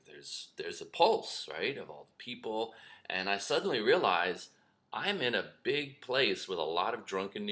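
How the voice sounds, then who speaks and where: A middle-aged man telling a personal story to camera as a spiritual teacher, animated, acting out shouts and whispers. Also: lowish voice. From lives in New York.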